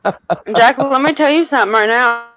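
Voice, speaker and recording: A woman's voice: a little high, moderate pace, fairly bright tone. Sassy woman on a dull call line. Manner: sassy, joking storyteller. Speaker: call-in guest.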